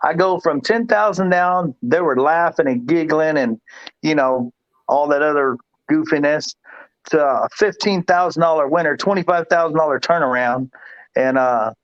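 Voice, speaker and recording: A man's voice: on the high side, moderate pace, no room sound, lo-fi sound. A man, a guest pool player, telling a long story in casual chat, rambling and repeating himself with laughs.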